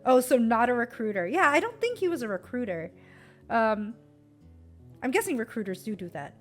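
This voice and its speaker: A woman's voice: fairly high pitch, big pitch swings, normal speed, soft background music. A young American woman streamer chatting casually about a trip, giggly and full of fillers. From United States.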